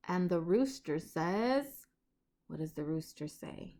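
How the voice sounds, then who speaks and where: A young woman reading a picture book aloud to a child, slow, gentle and coaxing. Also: lowish voice, animated.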